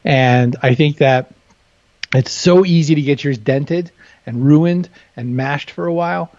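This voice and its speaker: A man's voice: fairly high pitch, a little slow, darkish tone, no room sound, muffled recording. A man talking candidly and with humor as an interview guest, often self-deprecating. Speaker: guest author. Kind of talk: casual interview chat.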